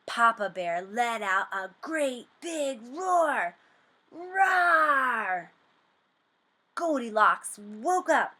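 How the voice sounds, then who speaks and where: A woman reads a children's storybook aloud, slow and sing-song. Her voice is bright and a little high, and her pitch rises and falls widely. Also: animated.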